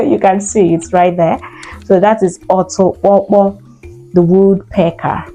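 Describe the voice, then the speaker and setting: A woman, an Igbo speaker, teaching vocabulary and slowly repeating each word for learners to copy. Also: medium pitch, level tone, warm tone, soft background music. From Nigeria. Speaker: language teacher. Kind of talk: vocabulary lesson.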